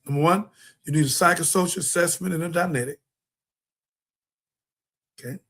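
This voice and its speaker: High-voiced man giving a preachy rant. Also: moderate pace, long pauses, a bit bright. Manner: preachy, rambling, emphatic. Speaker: talk show host. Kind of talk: impassioned political monologue.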